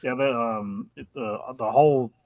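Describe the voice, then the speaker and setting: A man joining a casual online chat, speaking in a hesitant, halting way. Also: mid-range voice, phone-quality sound.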